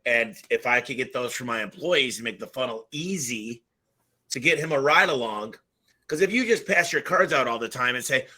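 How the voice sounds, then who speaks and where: A man talking casually and forcefully on a business roundtable over a video call, punching his points with bursts of emphasis. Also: mid-range voice, normal speed, poor audio. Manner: animated, punchy, rising for emphasis. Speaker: home service business owner and podcast regular.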